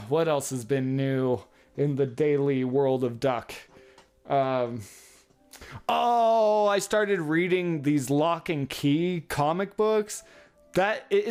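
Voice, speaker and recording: A man's voice: a little high, clear, resonant tone. A man hosting a podcast alone, rambling casually with heavy swearing and frequent chuckles. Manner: rambling, heavily profane, chuckles often. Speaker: podcast host. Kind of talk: casual solo podcast monologue.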